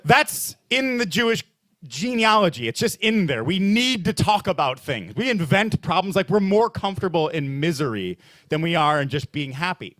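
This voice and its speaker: Animated man doing stand-up comedy. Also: high voice, normal speed, dry recording. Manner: animated, self-mocking, acts out inner dialogues. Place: small bar stage at an open mic.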